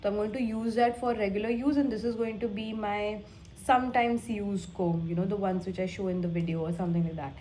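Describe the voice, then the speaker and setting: A woman's voice: mid-range voice, fairly even intonation, brisk, mellow, a little hiss or hum. A young woman with an Indian accent, congested from a cold, chatting casually in a vlog and slipping into Hindi phrases. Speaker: vlogger.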